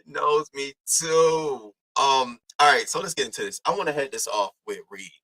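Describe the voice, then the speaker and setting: A man's voice: mid-range voice, animated, fast, pushed and bright, poor audio. A young man hosting a casual live-stream commentary, talking loose and profane in slang and greeting chatters by name.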